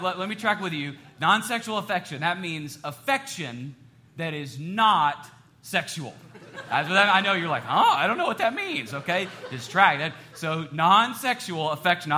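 Male pastor, middle-aged, lively sermon delivery with humor, bright slightly higher voice. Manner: animated, joking, shifts between loud emphasis and soft asides.

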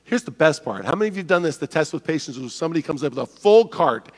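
A man preaching a sermon as pastor, animated and joking, acting out the voices of people in his stories. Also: on the high side, racing, big-room sound. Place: church sanctuary.

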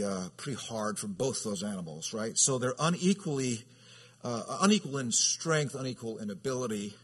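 Husky man teaching a casual sermon. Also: mid-range voice. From California. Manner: rambling, with frequent restarts and "right?" tags. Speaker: elder teaching a Bible study. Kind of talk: conversational sermon.

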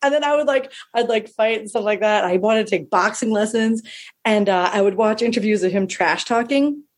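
A woman telling stories in a casual chat, animated and quick to laugh, acting out what people said in raised voices. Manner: animated, acts out quotes in high voices, laughs often.

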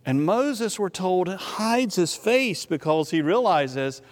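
A man preaching a sermon, telling a Bible story in an animated way and often repeating words as he restarts a thought. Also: high voice, takes it slowly, big-room sound. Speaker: pastor.

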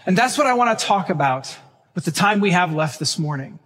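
Man, pastor, sermon, fairly high voice, husky, long church reverb. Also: animated, fairly bright tone. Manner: earnest, emphatic, slows on key phrases. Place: church sanctuary.

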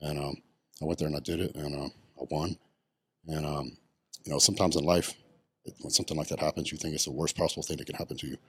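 A man's voice: extremely low pitch, little pitch movement, quick pace, husky, dry recording. A middle-aged man, telling his story bluntly in a casual podcast interview, swearing often. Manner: blunt and profane, many ums. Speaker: podcast guest, retired bodybuilder.

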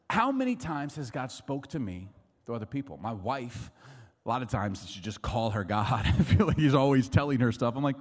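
A man's voice: fairly high pitch, lively intonation, fairly quick, big-room sound. A man in his forties preaching a sermon, chatty and jokey, acting out little voices as he talks. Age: 40s. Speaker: pastor.

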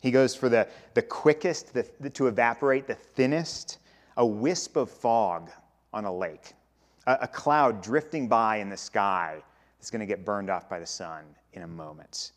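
A man's voice: on the low side, moderate pace. A man in his thirties, a pastor, preaching a sermon in a conversational way, often repeating and restarting phrases.

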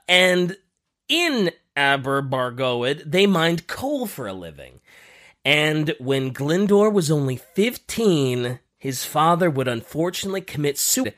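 Guy telling a history story on a podcast, voice jumps all over, says uh a lot. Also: medium pitch. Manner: lively, animated storytelling with frequent fillers. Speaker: podcast host.

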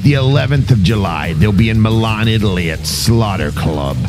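A man reading a scripted tour promo, listing dates in a steady delivery. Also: lowish voice, normal speed. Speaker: tour announcer. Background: music.

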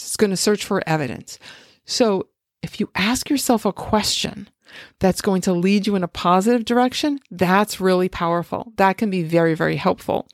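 A woman's voice: mid-range voice, no room sound, studio quality. A woman hosting a podcast who gives casual advice and often checks in with "right?". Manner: conversational, often asks "right?". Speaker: podcast host and coach. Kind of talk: casual instructional talk.

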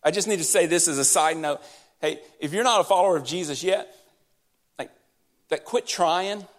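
A man's voice: fairly high pitch, moderate pace. A man preaching a sermon in church, talking directly and conversationally to his congregation as their pastor. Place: church sanctuary during service.

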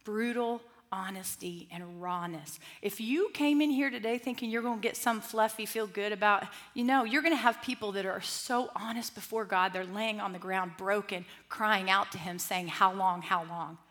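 Lively woman teaching a Bible study. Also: mid-range voice, normal speed, hardly any pauses. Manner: lively, conversational, with asides and restarts. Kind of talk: teaching talk to a group.

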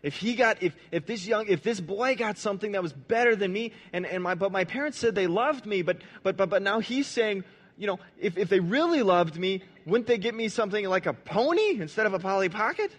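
A man's voice: high voice, animated, long reverb tail, pitched above the performer's own voice. A man voicing a worried six-year-old girl who stumbles and repeats herself as she doubts. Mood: anxious. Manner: halting, stumbling and repeating words.

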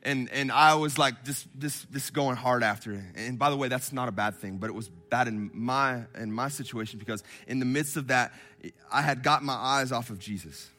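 A man in his thirties preaching a sermon to a congregation, swinging from quiet and intimate to loud and impassioned. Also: mid-range voice, moderate pace. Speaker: pastor. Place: church hall with congregation.

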